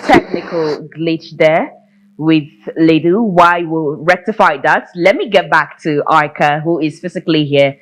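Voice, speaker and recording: A woman hosting a music talk show in a TV studio, lively and quick to laugh, with effusive welcomes. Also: sits low. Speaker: TV show host.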